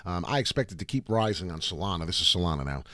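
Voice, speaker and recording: Male crypto livestream host, lowish but bright tone, rambling and profane, slight morning rasp. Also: quick pace, dry recording, clean studio sound. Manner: animated, rambling, swears freely. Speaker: crypto chart analyst host. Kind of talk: casual livestream market commentary.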